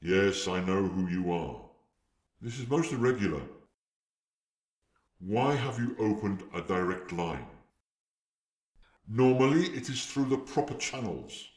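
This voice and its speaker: A man's voice: fairly low pitch, expressive, a little slow, pauses often. A man playing a haughty, formal figure in an amateur audio drama, speaking stiffly. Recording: echoey room, voice from a distance.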